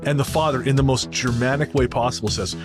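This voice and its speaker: A man in his usual mid-range pitch hosts a podcast and chats easily, telling jokey stories. Faint music sits behind him. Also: fairly even intonation, fast talker. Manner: joking, chatty storyteller. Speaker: podcast host. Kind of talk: casual podcast chat.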